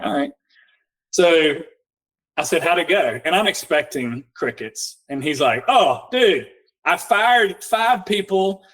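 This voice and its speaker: A man, a nervous system coach guest on a podcast, telling client stories in a lively way, acting out both sides of the talk and slowing down for guided instructions. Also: mid-range voice, rough recording. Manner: animated storyteller acting out both sides of conversations; slow, guiding coaching instructions. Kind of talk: casual storytelling in a podcast interview.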